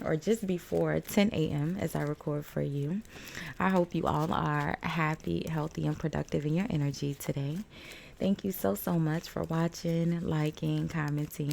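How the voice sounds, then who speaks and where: A woman's voice: low voice, gravelly, a little mellow. A woman getting over a cold, chatting casually and rambling through a tarot reading at home. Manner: rambling, chatty, fillers and little laughs. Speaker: tarot reader. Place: home room with balcony door open. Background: faint outdoor noise.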